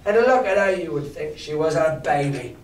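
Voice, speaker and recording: A man's voice: on the high side, lively intonation, lightly acted. A male teacher voicing a genial, sly old pirate ship's cook, drawing out his words in a chummy sea-dog way, read aloud to a class. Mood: hearty. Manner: slow, drawn-out, chummy sea-dog talk. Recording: roomy classroom from far off.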